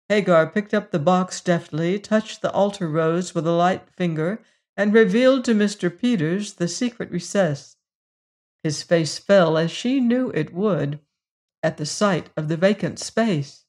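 Measured audiobook narrator, unhurried, mid-pitched. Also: a little mellow. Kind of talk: scripted narration of a classic novel.

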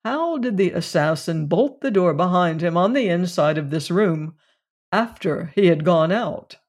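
A slow-paced reader voicing a grave man who speaks with measured, solemn weight. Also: sits high, lively intonation. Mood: probing.

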